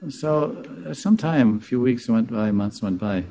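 A man telling a devotional story in a relaxed, rambling way as a spiritual teacher, sprinkling in Hindi devotional terms. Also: medium pitch, measured pace, few pauses.

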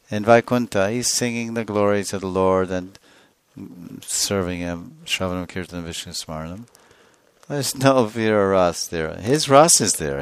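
A man's voice: low voice, no room sound. A man giving a scripture lecture as a spiritual teacher, telling stories animatedly and acting out scenes. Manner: animated storytelling, acts out scenes.

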